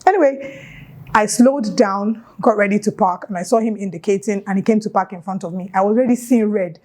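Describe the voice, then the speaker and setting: A young woman with a Nigerian accent recounts a story on her vlog. Her delivery is casual and animated, and she keeps dropping playful local asides into the telling. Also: mid-range voice, brisk. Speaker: YouTuber.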